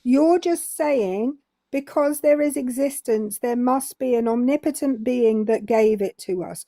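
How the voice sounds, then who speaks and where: A woman in her forties from England, speaking English with a British accent, co-hosts a live call-in debate and presses a caller with pointed questions. Her voice sits on the high side, with a dark tone and an unhurried pace. The recording is dry.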